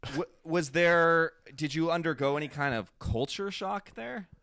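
A man hosting a casual interview, an animated storyteller who laughs often. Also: a little high, unhurried. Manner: animated storyteller, laughs often, mimics himself speaking German. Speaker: podcast host interviewing guests.

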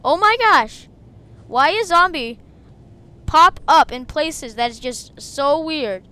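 A woman hosting a game video, chatting casually and breaking into excited shrieks. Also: high-pitched, slow. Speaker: gaming video host. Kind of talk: casual gameplay commentary.

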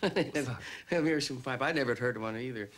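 A man's voice: medium pitch, moderate pace, a bit bright. A man in his fifties telling a folksy anecdote in an interview with plain, homespun grammar. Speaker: interviewee recalling an old friend.

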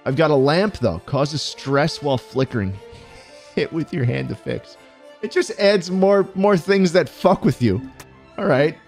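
A man giving profane, excitable let's-play commentary, often yelping and laughing. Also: medium pitch. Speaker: gaming YouTuber.

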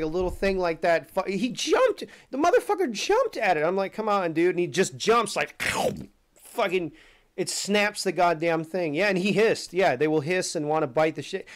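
Profane, animated man telling a story. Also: sits high. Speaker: streamer. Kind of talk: casual rant.

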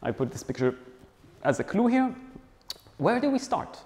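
A man lecturing in a casual, joking way, with a slightly high voice for a man. He keeps checking in with the audience as he explains. His voice rings out with the long reverb of a lecture hall. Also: sing-song, normal speed, darkish tone. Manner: playful, chatty, checks in with the audience. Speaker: philosophy lecturer.

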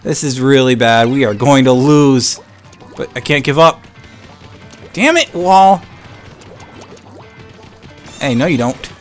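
A young man giving live gameplay commentary, excitable and swinging between hype and frustrated ranting. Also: mid-range voice, takes it slowly, long pauses, faint music behind. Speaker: gaming channel host.

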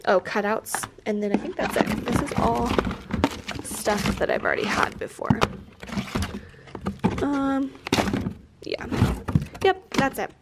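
A woman's voice: a little high, slow, long pauses, heavy background noise. A young woman in her twenties, a teacher vlogging in a casual, chatty way with lots of fillers, her nose stuffed up from allergies. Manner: chatty, upbeat, many fillers. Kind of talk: casual vlog chat. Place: school classroom.

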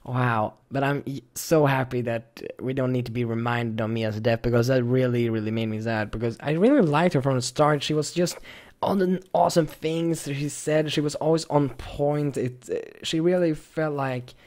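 A man giving casual, rambling commentary on a video game, emotional and often trailing off softly. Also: mid-range voice, fairly even intonation, moderate pace. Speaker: gaming YouTuber.

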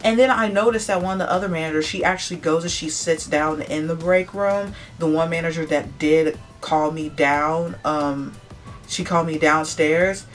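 Soft music plays behind a young vlogger as she chats through a storytime at a moderate pace in a low voice. She's animated, acts out other people's lines, and constantly drops "like" and "blah blah blah."

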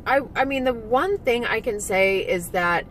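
Animated, candid woman vlogger with lively pitch. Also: a little slow, slight background noise, low-quality recording. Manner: candid and emotional, swears, many "like" fillers. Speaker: vlogger and former physique competitor. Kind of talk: candid personal vlog.

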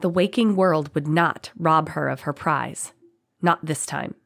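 Low-voiced woman narrating fantasy. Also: unhurried, vocal fry, dry recording, studio quality. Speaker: audiobook narrator.

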